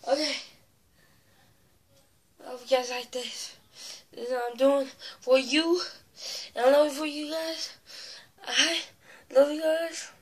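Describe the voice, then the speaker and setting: A woman's voice: high voice, fairly even intonation, takes it slowly, pauses often. A woman vlogging in a casual, rambling and playful way, talking straight to her viewers. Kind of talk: casual chat to camera.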